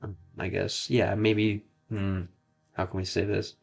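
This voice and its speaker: This American streamer has a lowish voice with little pitch movement, vocal fry and a breathy edge, and faint music plays behind him. He chats casually over his game while learning French, haltingly testing phrases and repeating himself.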